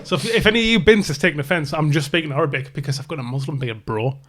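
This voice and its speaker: A man's voice: a little high, very fast, a bit bright. A man, co-hosting a podcast in crude, joking casual chat. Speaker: podcast co-host.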